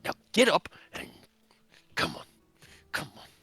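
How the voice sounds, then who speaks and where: A belligerent drunk mutters threats in a low, hushed voice, spoiling for a fight, as a man plays him in a tabletop game. The sound is dry and close. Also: a little slow, dry recording. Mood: menacing.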